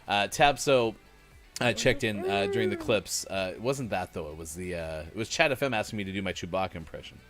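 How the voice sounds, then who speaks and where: A man's voice: on the low side, fairly quick, over music. A man hosting a morning show over voice chat, chatting casually, laughing often and poking fun at himself. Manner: giggly, self-deprecating, laughs often. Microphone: calling in over voice chat.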